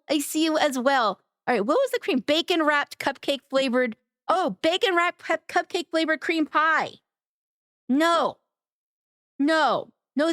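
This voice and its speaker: A woman streamer chatting casually with her live chat, greeting viewers by name in an affectionate way, her voice a little raspy. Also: sits high, fairly bright tone, dry recording, clean studio sound. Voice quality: somewhat raspy today.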